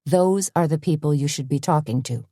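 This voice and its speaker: Firm, scolding middle-aged cafe owner read by a woman; low, dry close audiobook read. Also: moderate pace, dark tone, no echo. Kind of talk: audiobook character voice.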